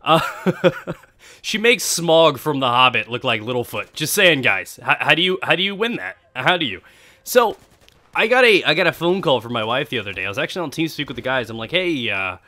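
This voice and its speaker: A man's voice: a little high, big pitch swings, fairly quick, sharp tone. A man, a gaming video creator, casually telling a rambling personal story to his viewers, swearing freely. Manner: speaks to viewers directly. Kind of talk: casual storytelling over gameplay.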